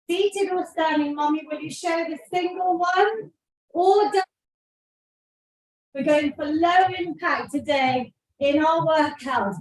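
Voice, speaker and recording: Woman fitness coach, high voice, unhurried cues, out of breath, echoey room far from the mic. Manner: encouraging, counting out cues. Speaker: fitness instructor. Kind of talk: live workout coaching.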